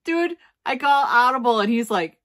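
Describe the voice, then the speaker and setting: A middle-aged woman reselling vintage goods, telling a story in a casual vlog with animated, self-mocking energy and frequent laughs. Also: fairly high pitch, normal speed.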